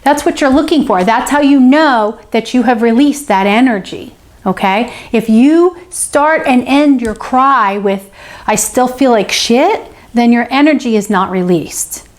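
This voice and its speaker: Speaking at a measured pace in a slightly high voice, a woman teaches to camera on her spiritual self-help channel, responding to a viewer. She checks in again and again with "okay?" and repeats phrases for emphasis, all in an encouraging manner.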